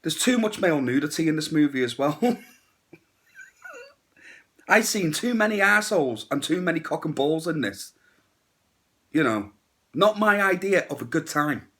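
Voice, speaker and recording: Lively blunt male movie reviewer. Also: fairly high pitch. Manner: blunt and crude, with sarcastic asides. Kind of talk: casual spoken movie review.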